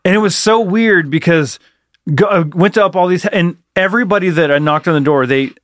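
Guy cohosting a podcast, kinda high voice, dry close mic, rambly and sweary. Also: fairly quick, a bit bright, no echo. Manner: rambling storyteller, swears freely. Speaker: podcast co-host. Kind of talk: casual chat.

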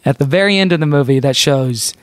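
A woman co-hosting a podcast, giving wry, expressive commentary on a movie. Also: extremely low pitch, fast talker, no echo. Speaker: podcast co-host. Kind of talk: casual chat reviewing a movie.

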